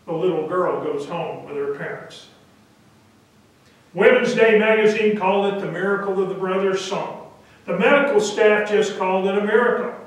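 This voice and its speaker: A male pastor telling a story in a sermon, deliberate and halting now and then, recorded from a distance in a church. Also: high-pitched, heavy reverb. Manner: deliberate, with hesitant fillers. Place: church sanctuary.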